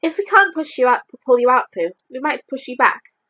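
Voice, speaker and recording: A woman's voice: high-pitched, sing-song, brisk, sharp tone, slightly rough, full character voice, rough recording. A woman voicing a fussy, polite male rabbit in a storybook read-aloud, prim and matter-of-fact. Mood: brisk.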